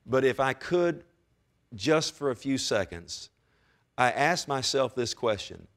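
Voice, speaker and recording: A male pastor delivering a sermon at a mid-range pitch. He preaches with passion, pushing his voice up for emphasis and calling out directly to the congregation. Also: lively intonation, takes it slowly, fairly bright tone.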